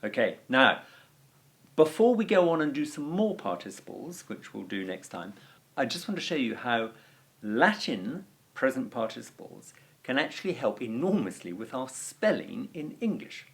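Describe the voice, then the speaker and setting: Animated man teaching a language lesson. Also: medium pitch, normal speed, vocal fry. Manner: animated explaining, chatty fillers. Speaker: Latin teacher. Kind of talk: video lesson.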